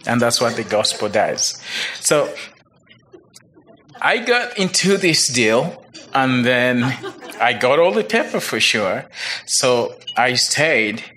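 A man from Uganda with a Ugandan accent gives a personal testimony, retelling events quickly and acting out the dialogue with chuckles. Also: mid-range voice, big pitch swings, sharp tone, slight background noise. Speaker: church member giving testimony.

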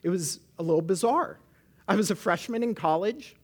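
A woman's voice: medium pitch, normal speed, darkish tone. Woman preaching a conversational sermon. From Canada. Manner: conversational, frequent "right?" asides to the congregation. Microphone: amplified microphone.

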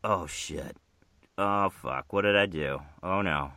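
A shaken villain, as a man acts him out, begs and whimpers in a voice pitched above the man's usual. The tone is bright and tense, with lively pitch. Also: normal speed, vocal fry, dry recording, clean studio sound, full character voice. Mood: panicked. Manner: pleading, panicked. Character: panicking, pleading grown man villain.

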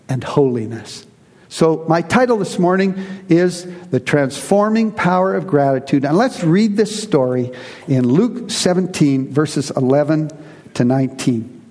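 A man delivers an earnest sermon as a pastor, leaning on key phrases with slow emphasis. His voice sits on the higher side and has a husky edge. The sound rings out with a long reverb, as in a large church hall. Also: a little mellow.

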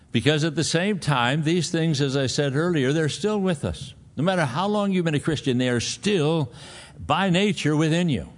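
A man with a somewhat high voice preaches a sermon at a moderate pace. He tells a folksy personal story, then drives his point home with emphatic exhortation.

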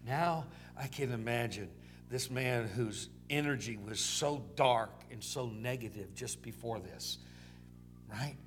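A man's voice: mid-range voice, takes it slowly, slight background noise. A male pastor preaching a sermon in a folksy, repetitive storytelling way, dropping in "amen"s.

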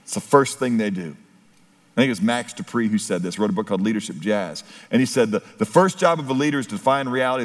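A middle-aged man preaching a sermon as pastor, building emphasis and breaking into story asides. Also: lowish voice. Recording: long hall reverb.

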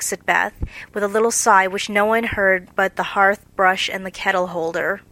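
A woman narrating an audiobook in a measured storytelling manner. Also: mid-range voice, little pitch movement, pushed and bright, low-quality recording. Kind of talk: scripted narration.

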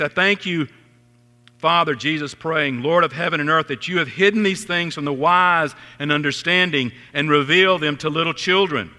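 A middle-aged man preaching a sermon as a pastor, earnest, lifting his voice on questions and sinking low when quoting scripture. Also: pushed and bright. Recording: long reverb of a large hall.

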